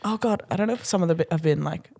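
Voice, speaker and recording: A woman's voice: fairly low pitch, racing, creaky, warm tone. A young woman co-hosting a casual podcast, giggling and acting out quoted lines in a self-mocking way. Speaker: podcast co-host. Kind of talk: casual chat.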